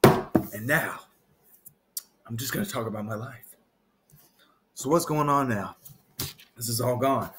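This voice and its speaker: A man's voice: mid-range voice, slow pace, long pauses, pushed and bright. A man talking to camera in a loose, meandering way, trailing off and restarting his thoughts. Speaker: vlogger. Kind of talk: rambling casual monologue.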